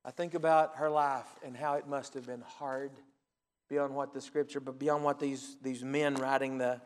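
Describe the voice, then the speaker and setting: A man, a pastor telling folksy stories in a sermon and acting out phone calls, building to loud preaching. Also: medium pitch, little pitch movement, moderate pace, in a large hall. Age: 40s.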